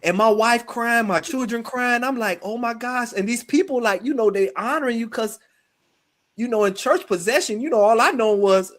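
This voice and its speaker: High-voiced man telling a spiritual story. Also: normal speed. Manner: animated, slips into quoted voices. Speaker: guest, spiritual practitioner. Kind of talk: personal storytelling in conversation.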